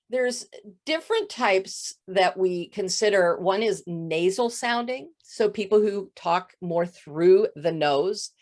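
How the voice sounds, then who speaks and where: A woman voice coach with a touch of vocal fry, explaining voice habits in an interview. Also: lowish voice. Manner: explanatory, demonstrates voice faults. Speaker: voice coach guest. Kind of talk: interview answers.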